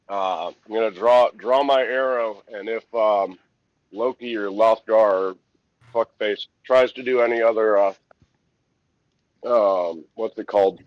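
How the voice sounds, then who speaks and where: A man's voice: on the low side, slow, pauses often, dry recording, highs cut off. A man playing a tabletop game, casual and profane, thinking aloud. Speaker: player.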